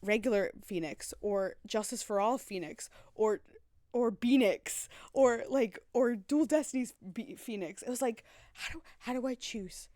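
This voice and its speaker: A woman's voice: fairly high pitch, moderate pace, hardly any pauses, darkish tone, dry recording, studio quality. A woman game streamer chatting casually and gushing as she plays, often restarting her sentences. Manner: chatty, gushing, self-interrupting. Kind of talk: casual let's-play commentary.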